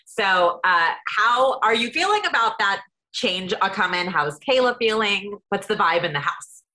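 A woman's voice: mid-range voice, lively intonation, unhurried, bright, forceful tone. A woman co-hosting a podcast, asking a guest questions in an upbeat, chatty way. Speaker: podcast co-host, interviewer. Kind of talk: interview questions.

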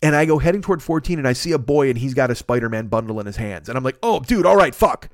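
A man hosting a podcast, telling a long comic anecdote in a casual, profane, animated way into a close mic. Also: medium pitch, rapid-fire, dry recording. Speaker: podcast host. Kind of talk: casual comedic storytelling.

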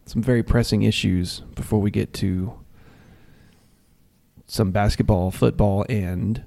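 A man's voice: lowish voice, steady tone, unhurried, vocal fry, warm tone. A man co-hosting a casual podcast chat, easygoing and stumbling over his words at times. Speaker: podcast co-host.

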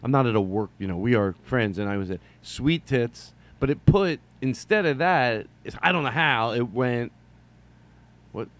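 A middle-aged man hosts a solo comedy podcast, rambling and cracking jokes at a moderate pace in a medium-pitched voice. He swings between loud bursts and mumbled asides.

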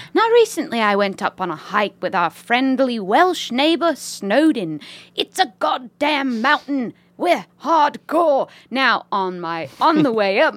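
Woman co-host, lively mock-British read, high voice, dry close mic. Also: no echo. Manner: playful, jokey mock-British reading. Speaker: podcast co-host. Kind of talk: reading a listener email aloud with a put-on British accent.

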